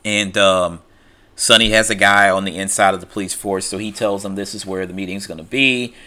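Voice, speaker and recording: A man's voice: low-pitched, steady tone, fairly quick, sharp tone. A man casually retelling a film's plot, full of fillers and "he's like" quotes. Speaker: film recapper. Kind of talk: casual spoken film recap.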